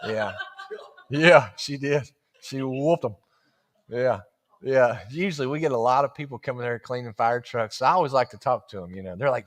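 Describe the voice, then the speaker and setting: A middle-aged man telling a personal story at church in a casual, animated way, acting out the voices of the people he quotes. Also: mid-range voice, normal speed. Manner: animated, acts out quoted voices, laughs often.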